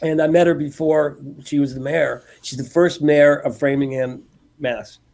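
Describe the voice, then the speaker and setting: A man, a comedian and impressionist, telling animated stories and laughing often in a casual podcast chat. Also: on the high side, normal speed, vocal fry. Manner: animated storyteller, laughs often, slips into voices.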